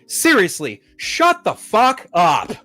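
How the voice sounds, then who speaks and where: A man's voice: high-pitched, huge pitch swings, slow pace, pushed and bright, soft background music. A man hosting a pop-culture show, ranting in a profane, exasperated and mocking way. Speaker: podcast host.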